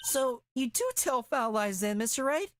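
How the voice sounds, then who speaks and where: A woman's voice: on the high side, animated, normal speed, background noise, pitched above the performer's own voice, close to an everyday voice. A man voicing a stern, cold young woman chief prosecutor in a courtroom video game, in a raised, tight voice. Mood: accusing. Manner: cold, accusing.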